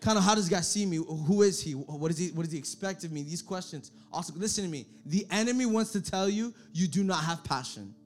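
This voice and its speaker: A man with a high voice delivers a lively sermon to a young crowd. He repeats his phrases, builds up to loud calls for the room to answer, and keeps the tone casual and direct. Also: brisk, hardly any pauses. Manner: energetic, repetitive, calls for audience response. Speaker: young adult pastor.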